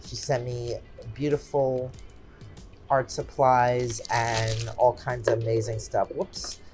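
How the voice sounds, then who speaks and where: Woman in her forties, slow casual unboxing chat, gushing, soft music behind. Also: a bass voice, level tone. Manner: effusive, slow and chatty, exclaiming often. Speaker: craft channel host.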